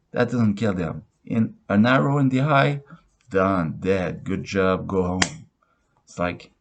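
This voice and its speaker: A man with a very low voice and a gravelly, husky rasp talks through a movie review at an unhurried pace. He rambles, stumbles over restarts and fillers, and swears freely, all in a casual, offhand tone. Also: darkish tone.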